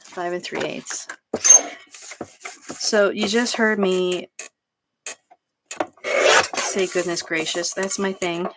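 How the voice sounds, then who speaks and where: A middle-aged woman talks her way through a craft project at home, chatty and quick to laugh at herself. Her voice sits a little low, and she takes her time with each phrase. A clear layer of background noise runs under the recording. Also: fairly even intonation. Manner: chatty and self-deprecating, laughs often. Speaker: craft channel host. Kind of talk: casual crafting chat.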